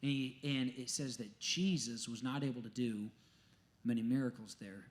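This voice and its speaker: A man preaching a sermon as a pastor, telling stories emphatically and dropping to a hush at times. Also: medium pitch, normal speed. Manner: animated, emphatic storytelling with sudden drops to a hush.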